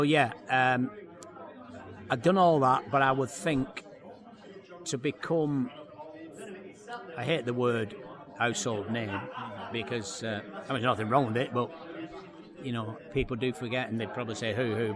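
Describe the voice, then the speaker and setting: A man, a comedian telling stories in an interview, acting out voices and laughing often. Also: medium pitch. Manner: lively storyteller, acts out voices, laughs often. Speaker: comedian guest. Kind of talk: anecdotal interview chat. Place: outdoor launch event. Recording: busy crowd behind. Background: crowd chatter.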